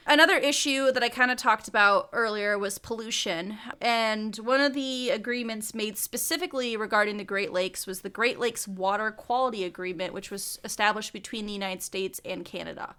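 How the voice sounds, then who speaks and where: Young woman podcaster, bright tense voice, chatty and laughy, lots of ums. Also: mid-range voice, normal speed, hardly any pauses, smooth. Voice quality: chatty, laughing asides, frequent fillers. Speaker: podcast co-host. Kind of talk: casual research podcast chat.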